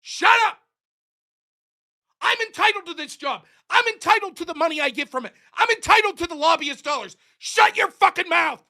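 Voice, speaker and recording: A scornful, entitled senator, put on by a man, barks profane insults in a raised, bright, strained voice. The pitch jumps high and swings wide as he sneers. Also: animated, normal speed, creaky, heavily acted. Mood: sneering contempt.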